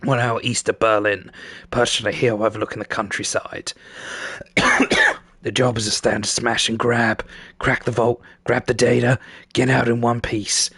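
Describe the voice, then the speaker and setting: A man voicing a gruff cyberpunk narrator, reading game text aloud. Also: medium pitch, level tone, moderate pace, a bit bright, dry recording, clean studio sound.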